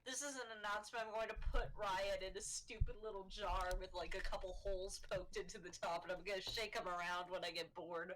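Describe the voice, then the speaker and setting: A woman's voice: on the low side, steady tone, fairly quick, few pauses, noisy background. A woman co-host chatting casually, joking, swearing and laughing often. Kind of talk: casual chat.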